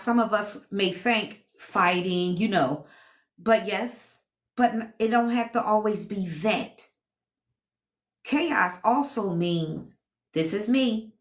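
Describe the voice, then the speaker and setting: A woman's voice: medium pitch, a bit bright. A woman hosting a casual live stream at home, a self-described healer and teacher who reads comments, laughs often and talks to viewers in a sassy, playful way.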